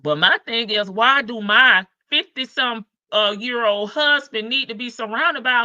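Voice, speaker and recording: A woman's voice: fairly high pitch, moderate pace, hardly any pauses, pushed and bright, dry recording, highs cut off. A woman hosting a casual commentary livestream, chatty and sassy, laughing often. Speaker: live-stream host.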